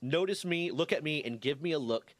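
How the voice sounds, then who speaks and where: A man's voice: on the high side, animated, fairly quick, dry recording. A man in his twenties casually telling a rambling, profane story on a stream. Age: 20s.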